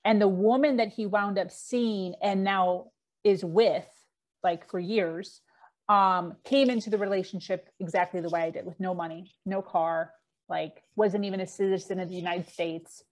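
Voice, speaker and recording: A woman's voice: medium pitch, fairly even intonation, normal speed, a little mellow. Candid woman telling a hard story. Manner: frank, fillers and acted-out quotes. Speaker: podcast guest.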